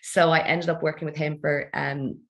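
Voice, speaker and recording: Low gravelly woman, chatty. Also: little pitch movement. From Ireland. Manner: chatty storyteller, quick asides, laughs often. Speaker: podcast guest, feng shui expert. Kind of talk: casual interview chat.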